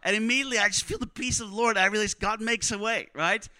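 Bright, animated male preacher. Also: high-pitched, fast, dry recording. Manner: animated, conversational, acts out quotes. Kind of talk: sermon storytelling.

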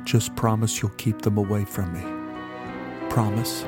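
A man's voice: level tone, unhurried, loud music behind the voice, close to an everyday voice. A man reading an audiobook and voicing a distraught, frightened young woman in a raised, pleading voice. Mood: shaken. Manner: high, tearful and pleading. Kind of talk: audiobook character voice.

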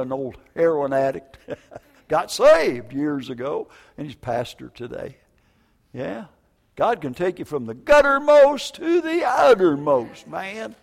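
A man's voice: mid-range voice, darkish tone. An older man preaching a sermon, telling a personal story in a folksy, emotional way with frequent asides. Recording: long hall reverb.

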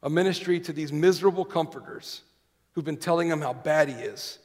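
A man's voice: a little high, brisk, darkish tone. A man preaching a sermon to a congregation, reading scripture aloud and putting questions to the listeners. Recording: long hall reverb.

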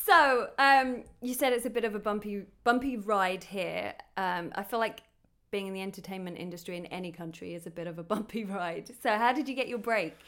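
A woman's voice: mid-range voice, brisk, fairly bright tone. A woman hosting a podcast, chatting casually with her guest, laughing easily and asking encouraging questions. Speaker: podcast host. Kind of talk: casual interview chat.

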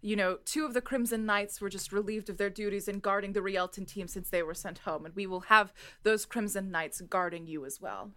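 A commanding male noble in a tabletop game, as a woman game master puts him on. He speaks formally and reassuringly, in a bright, ringing voice. His manner is steady and protective. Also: medium pitch, fairly quick, hardly any pauses, natural voice. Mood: formal, assured.

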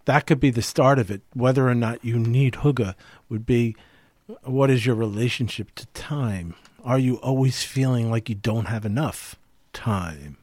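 A man's voice: mid-range voice, unhurried, darkish tone, no room sound. A man co-hosting a casual podcast, musing aloud with many fillers and rhetorical questions. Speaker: podcast co-host.

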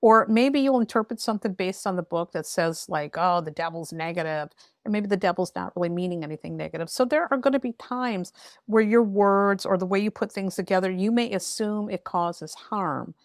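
A blunt tarot reader from a rural area guests on a podcast, giving emphatic, candid advice. Her medium-pitched voice is brisk, captured in a dry, close recording with no echo.

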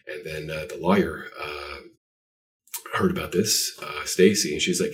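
A man's voice: a bass voice, normal speed, far from the mic. A man being interviewed about his art, telling stories in a rambling, self-deprecating way with lots of fillers. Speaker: artist guest. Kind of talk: casual interview chat.

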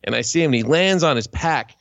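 A man's voice: on the high side, quick pace, no echo. A man, a podcast co-host, telling crude stories in a casual, joking way. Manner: crude, joking, animated storyteller. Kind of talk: casual chat, storytelling. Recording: dry, dull lo-fi sound.

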